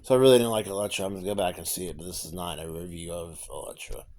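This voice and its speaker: A man's voice: low voice, fairly even intonation, rapid-fire, a little mellow. A young man casually telling a personal story to viewers, rambling with many fillers and restarts. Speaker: vlogger.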